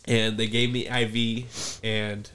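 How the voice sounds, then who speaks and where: A man's voice: on the low side, takes it slowly. Laughing young man telling stories. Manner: animated, acts out quotes loudly, laughs often. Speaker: podcast co-host. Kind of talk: casual storytelling chat.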